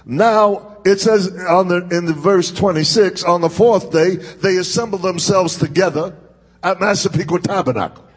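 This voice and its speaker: A man preaches to his congregation in a church, his voice high and a little husky. He takes his time, stretching phrases for emphasis and calling for responses. The sound rings out with a long hall reverb. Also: normal speed. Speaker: pastor. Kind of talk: sermon. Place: church sanctuary.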